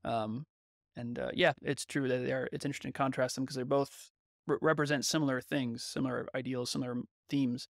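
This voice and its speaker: A man co-hosts a podcast in relaxed, analytical talk, working his points out as he goes. His voice has a gravelly edge. The recording is dry, with no room sound at all. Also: medium pitch, a little fast, no echo. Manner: thoughtful, analytical, searching for words. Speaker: podcast co-host. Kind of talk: casual podcast discussion.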